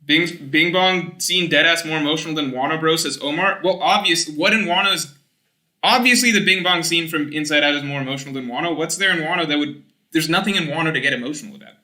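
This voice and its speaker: A young man streaming, reading chat aloud and rambling in casual, animated talk with some swearing. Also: fairly high pitch, fast talker, roomy sound.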